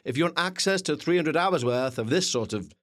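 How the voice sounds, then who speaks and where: A man's voice: a little high, expressive, fairly quick, fairly bright tone, dry recording, clean studio sound. A man hosting a podcast in a casual, rambling way, full of self-mocking, playful asides, recorded in a small windowless carpeted room. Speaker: podcast host.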